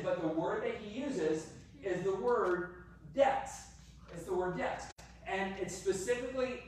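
A man's voice: a little high, a little hiss or hum. A male pastor preaching an earnest sermon, often repeating and restarting his phrases. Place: church sanctuary. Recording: echoey hall from a distant mic.

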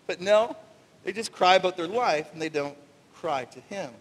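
A man preaching a conversational sermon as pastor, animated and jokey, acting out little voices. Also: high voice, normal speed, slight background noise. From Canada. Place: church sanctuary. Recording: long reverb of a church hall.

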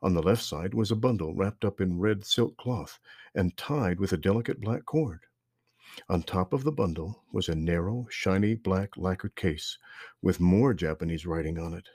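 A man hosting a podcast, reading a story in a calm, measured narration. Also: deep voice, breathy edge, no echo, clean studio sound.

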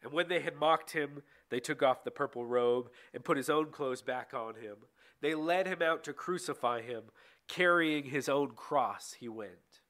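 A man reading a bible passage aloud in a steady way, with occasional slips and restarts. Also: mid-range voice, unhurried. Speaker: scripture reader.

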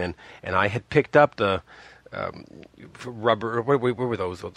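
A low, gravelly male voice, recorded close and dry, with no room sound. He is a man in his fifties from Montreal, telling a personal story casually. He rambles and restarts, and jumps sharply in pitch whenever he imitates someone he quotes. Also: a bit bright, no room sound. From Montreal, Canada. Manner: rambling, with many restarts and asides; acts out quoted people with big pitch jumps.

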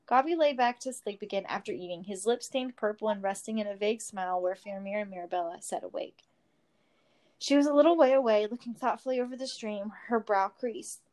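A woman's voice: mid-range voice, a little fast, a little mellow. Woman reading a story aloud. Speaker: story reader. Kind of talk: reading fan fiction aloud.

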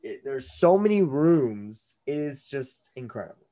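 A man with a medium-pitched, mellow voice hosts a podcast over a video call on his own mic. He is very animated, chatting casually and playfully mocking and bickering with his co-host.

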